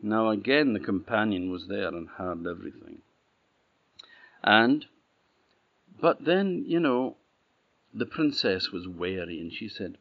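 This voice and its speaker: Slow-spoken Orkney storyteller, low voice. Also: male voice. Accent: Orkney Scots. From Orkney, Scotland. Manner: unhurried, plain-spoken, relaxed. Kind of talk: oral folktale telling. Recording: dull, slightly muffled audio.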